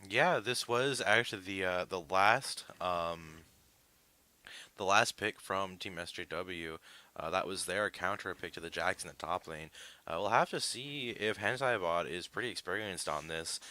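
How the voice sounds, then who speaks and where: A man's voice: deep voice, unhurried, pushed and bright. A man giving live esports analysis, explaining picks at length with frequent "uh" fillers. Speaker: esports caster.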